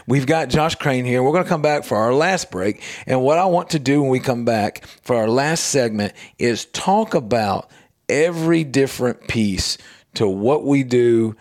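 A middle-aged man hosting a radio talk show, telling stories in casual chat and acting out quotes in a raised voice. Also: mid-range voice. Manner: animated storytelling, acts out quotes in a raised voice.

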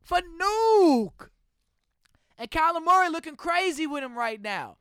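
Young Texan man, high bright voice, loud animated sports-podcast rants, dry close mic. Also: fairly quick, no room sound. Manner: loud, animated ranting with laughter. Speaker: podcast host. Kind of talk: casual sports podcast chat. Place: indoor room with friends.

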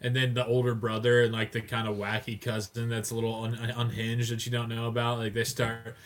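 A man's voice: mid-range voice, monotone, fairly quick. A man co-hosting a podcast, chatting casually and joking, with silly voices thrown in for people in his stories. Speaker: podcast co-host. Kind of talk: casual comedic chat.

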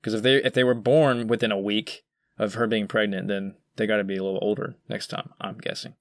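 A man co-hosting a casual podcast, talking in a relaxed, hedging way. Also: lowish voice, a little fast, no room sound, studio quality. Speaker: podcast co-host. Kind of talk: casual chat.

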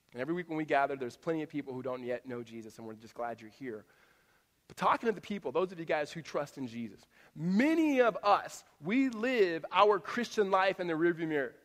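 High-voiced male pastor in a reverberant hall. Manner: conversational, earnest, rhetorical repetition. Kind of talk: sermon. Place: church auditorium.

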